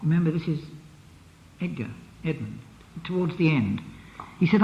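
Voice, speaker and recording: A psychotherapist gives a lecture, his fairly high, expressive voice moving at a moderate pace with frequent pauses. Reflective and emphatic, he often restates a phrase with the emphasis moved. The audio is a dull, lo-fi archive recording made in a reverberant lecture hall.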